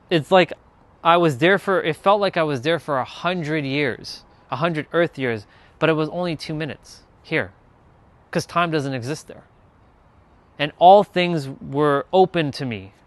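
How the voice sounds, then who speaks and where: A man's voice: on the high side, no room sound. A man telling a personal spiritual story, earnest and rambling, with many restarts and trailing phrases. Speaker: spiritual content creator.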